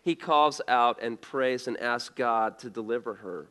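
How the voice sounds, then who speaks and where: A man's voice: medium pitch, unhurried, fairly bright tone, clear, resonant tone. A male pastor preaching a sermon in a conversational way, asking rhetorical questions and often restarting his words.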